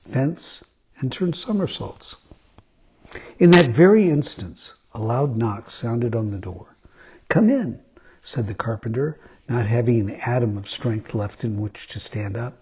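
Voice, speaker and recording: Reading a weekly installment of a classic children's story, this storybook reader gives voices to the characters' lines in an expressive telling. His mid-range voice is slightly rough, captured with dull, lo-fi sound.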